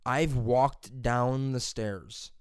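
A young adult man in casual podcast chat, swearing freely and telling animated stories with big jumps in pitch. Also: very slow, a crowd in the background.

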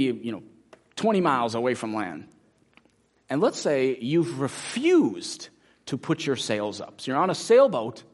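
A man preaching a sermon as pastor, animated and acting out inner voices, moving about a church stage. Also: medium pitch.

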